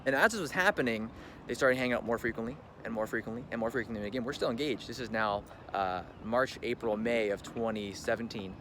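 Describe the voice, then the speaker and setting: A fast-talking young man with a mid-range voice tells a personal story on his casual vlog. He rambles chattily with plenty of "like," imitates the people he quotes, and the recording has loud background ambience.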